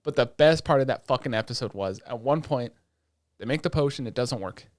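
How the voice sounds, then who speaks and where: A man with a mid-pitched voice recaps episodes on a podcast, sounding dry and close to the mic. He rambles in a profane, filler-heavy way and slips into the characters' quoted lines as he goes. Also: fairly quick, no room sound. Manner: loose, profane retelling with lots of fillers; animated storytelling that acts out quoted lines. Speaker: podcast co-host. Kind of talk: casual chat.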